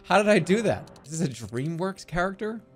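A man streaming a game, joking around in goofy banter that swings from mumbling to yelling. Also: high-pitched, very animated, fairly quick, soft background music. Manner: playful, jumps from mumbling to yelling.

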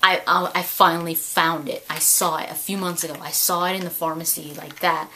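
A woman in her late twenties chatting to camera in a vlog, telling stories with lots of excitement, repeated words and laughter. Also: fairly low pitch, fairly quick, slight background noise, rough recording. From California. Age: 20s. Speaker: vlogger. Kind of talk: casual chat to camera.

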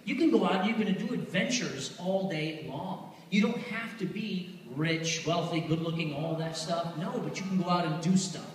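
An American man from Texas hosting a live dating-advice show, telling stories in an animated, playful and profane way. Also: high-pitched, normal speed, hardly any pauses, a little hiss or hum. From Texas, USA. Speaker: host giving dating advice. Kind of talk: live comedic storytelling. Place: live venue in a large hall. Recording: echoey hall, mic far off.

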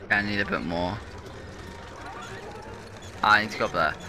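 A young let's play gamer, fed up with the controls, delivers exasperated, swear-filled rants while narrating his play. His pitch is fairly low, his pace moderate, and there's background noise.

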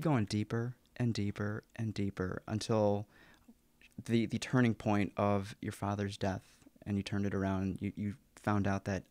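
A man with a fairly low voice hosting a casual podcast interview. He introduces and questions his guest eagerly, and his voice sounds dry and close, with no room in it. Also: level tone, moderate pace, a little mellow, no room sound. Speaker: podcast host.

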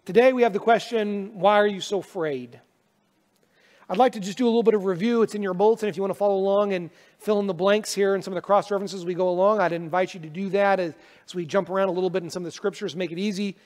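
A man's voice: high voice, steady tone, fast, darkish tone. A male pastor praying and then preaching a sermon in an earnest, conversational way, with self-deprecating humor. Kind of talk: sermon with prayer. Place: church sanctuary. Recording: long reverb of a church hall.

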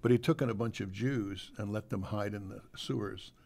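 An older man, a guest actor, chatting casually on a radio talk show and telling relaxed anecdotes. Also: on the low side, moderate pace, creaky.

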